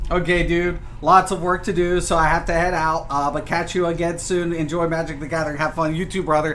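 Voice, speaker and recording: A man streaming a card game, swearing at it and swinging between loud outbursts and low mutters. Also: a little hiss or hum. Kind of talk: gameplay commentary.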